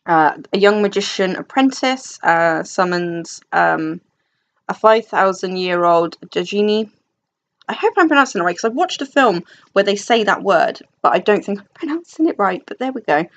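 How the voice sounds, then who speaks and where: A woman's voice: medium pitch, expressive, normal speed, a bit bright, highs cut off. A young woman from England chatting casually about books, rambling and self-deprecating with many fillers and restarts. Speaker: book vlogger. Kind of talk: casual chat. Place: dim room at home.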